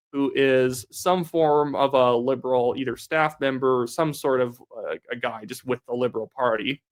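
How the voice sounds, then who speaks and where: A young man giving solo political commentary in a combative, sarcastic manner. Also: medium pitch. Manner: sarcastic, combative, rapid reactions.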